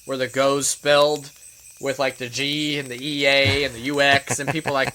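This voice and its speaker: Guy cohosting a podcast, bright tense voice, cusses constantly, faint hiss behind. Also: medium pitch, steady tone, fairly quick. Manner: profane, joking. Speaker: podcast co-host. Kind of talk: casual chat.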